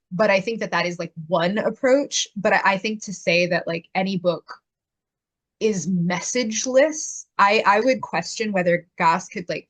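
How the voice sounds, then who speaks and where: A young woman with a low voice talks through her ideas in a casual book chat. She hedges often and fills her pauses with small verbal tics. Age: young adult. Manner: thoughtful, hedging with many fillers. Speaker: podcast co-host.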